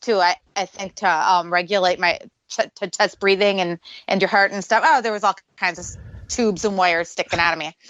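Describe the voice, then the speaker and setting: A woman's voice: medium pitch, a bit bright, dry recording, highs cut off. A woman, a paranormal investigator, tells a story on a radio show and acts out the voices she quotes.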